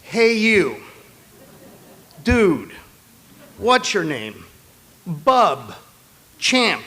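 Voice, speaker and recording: A man voicing a blunt young male volunteer with a thick French accent, speaking flatly and matter-of-factly. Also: high-pitched, drawn-out words, heavily acted. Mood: deadpan. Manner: flat, matter-of-fact, heavily accented.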